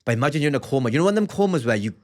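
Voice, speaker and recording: A man's voice: medium pitch, racing. A man from England, a comedian co-hosting a podcast and telling stories with voices. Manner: animated storytelling, acts out voices. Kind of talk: comic banter. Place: family home.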